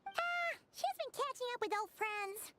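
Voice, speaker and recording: A woman's voice: extremely high pitch, expressive, normal speed, background noise. A woman voicing a tiny, chirpy female fairy companion in a video game who talks about herself in the third person. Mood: cheerful. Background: game music.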